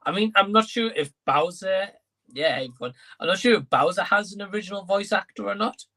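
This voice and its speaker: Bright-voiced man co-hosting a stream. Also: high voice, a little fast. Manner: conversational, thinking aloud with fillers. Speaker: co-host of entertainment live stream. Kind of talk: casual chat.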